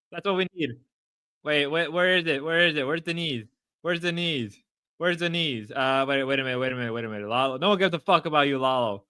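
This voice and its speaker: A young man hosting a livestream, loud, erratic and crude as he riffs at chat. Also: fairly high pitch, smooth, dry recording. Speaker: livestream host. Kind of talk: casual stream chat.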